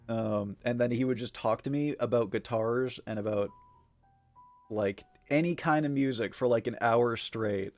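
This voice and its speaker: A man's voice: medium pitch, moderate pace, a little mellow, soft background music. A man streaming live, chatting casually with viewers in a rambling way, full of fillers, frequent swearing and easy laughs. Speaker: livestreamer.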